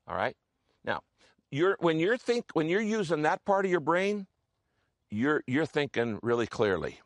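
A man's voice: a little high, no room sound, clean studio sound. A man preaching a sermon in a conversational teaching manner, often repeating himself and checking in with his listeners. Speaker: pastor.

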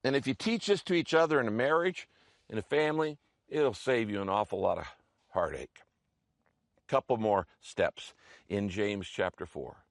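A man's voice: lowish voice, expressive, normal speed, no room sound. Conversational male pastor, dry close sound. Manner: conversational, repeats words, checks in with "okay?". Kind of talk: sermon.

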